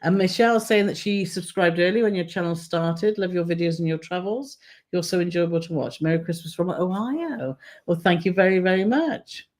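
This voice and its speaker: A woman's voice: lowish voice, normal speed, a little mellow. A woman co-hosting a travel live stream, chatting casually and reading out viewer comments with frequent laughter. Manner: chatty, laughs often, reads comments aloud.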